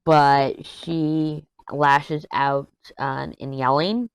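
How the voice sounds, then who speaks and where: Middle-aged woman crafting and chatting, low voice, blunt and candid, dry close headset sound. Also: fairly even intonation, extremely slow, smooth, no room sound. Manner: blunt, candid storytelling with frequent asides. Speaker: diamond painting vlogger. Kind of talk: casual chat while crafting.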